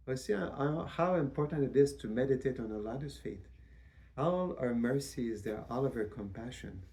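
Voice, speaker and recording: A man giving a devotional lecture as a spiritual teacher, in a measured, reverent way with frequent restarts. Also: medium pitch, animated, dark tone.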